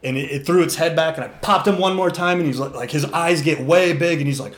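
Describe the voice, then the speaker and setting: A man telling a long story in casual chat, animated and swearing freely as he acts out the animals. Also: medium pitch, fairly quick, few pauses.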